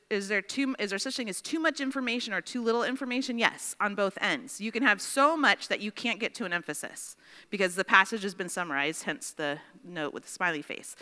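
Bright-voiced woman teaching a class. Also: medium pitch, long reverb tail. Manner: chatty, checks in with "right?". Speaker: Bible study teacher.

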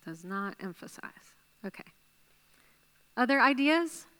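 A woman teaches a Bible study group at a slow, unhurried pace, stopping often to praise answers. Her voice is bright and smooth. She thinks aloud while jotting ideas down. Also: a little high, expressive. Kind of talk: leading a class discussion.

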